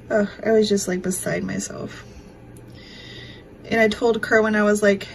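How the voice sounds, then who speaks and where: A woman's voice: a little high, fairly bright tone, slight background noise, low-quality recording. A woman, telling a story to camera at home in a rambling, emotional way with many fillers. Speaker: craft vlogger. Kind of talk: casual chat to camera.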